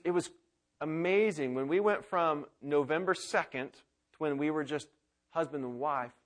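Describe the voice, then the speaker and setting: A man in his thirties delivers a sermon with fervor, his voice sitting a little higher than most men's. He builds to loud, excited exclamations, then drops to a hushed, quiet tone for prayer. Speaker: pastor.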